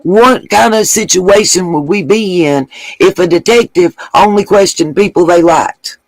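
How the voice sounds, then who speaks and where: A woman's voice: on the low side, measured pace, dry recording, rough recording. A middle-aged woman hosting a live stream, talking bluntly and angrily with lots of swearing. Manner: blunt, profane, fired-up. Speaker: livestream host.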